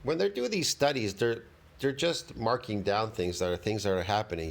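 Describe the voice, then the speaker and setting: A man's voice: on the low side, normal speed, vocal fry. A man reacting to a video in casual commentary, with mocking, sarcastic asides. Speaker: reaction youtuber.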